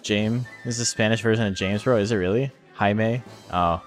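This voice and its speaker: A man's voice: on the low side, moderate pace, music in the background. A man giving loose, joking live-stream commentary on a game, rambling with lots of "like" and swearing freely. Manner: rambling, heavy use of "like". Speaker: tournament commentator.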